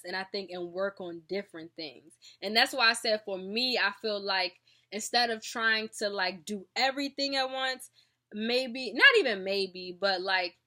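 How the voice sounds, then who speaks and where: Young woman, bright voice, tired and sleepy, earnest casual vlog chat. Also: mid-range voice. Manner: chatty, earnest, addresses viewers as y'all. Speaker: vlogger. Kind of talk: casual video diary.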